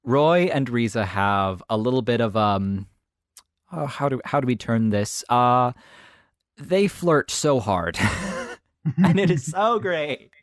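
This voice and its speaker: A man co-hosting a review podcast, his voice rising and falling all over the place as he jokes along. His mid-pitched voice sounds close and dry, with no room sound at all. He talks casually, playful and loose. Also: slow pace, dry recording. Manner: animated, playful, slips into mock voices. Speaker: podcast co-host. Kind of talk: casual anime review chat.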